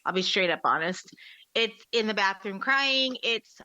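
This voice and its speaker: A woman's voice: medium pitch, lively intonation, a little slow, bright, forceful tone, no room sound. A woman, a mother of sons, candidly telling funny family stories as a podcast guest. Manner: candid, laughing storyteller. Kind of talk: casual podcast chat. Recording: dull, dry sound.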